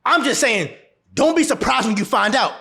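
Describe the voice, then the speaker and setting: Animated high-voiced man giving blunt advice. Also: normal speed, gravelly. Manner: blunt, animated, laughs often; repeats phrases for emphasis. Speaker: relationship advice vlogger. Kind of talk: casual advice monologue to camera.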